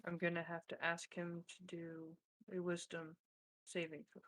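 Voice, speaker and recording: A woman's voice: fairly low pitch, monotone, moderate pace. A woman acting as game master, asking questions and calling for rolls in a matter-of-fact way. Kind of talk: running a tabletop game.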